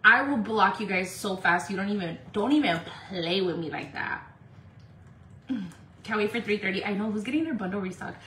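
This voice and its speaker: A woman's voice: medium pitch, animated, normal speed, bright, forceful tone. A woman from California doing a casual makeup livestream, chatty and profane, laughing often and slipping into Spanish. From Indio, California. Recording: echoey room with faint noise.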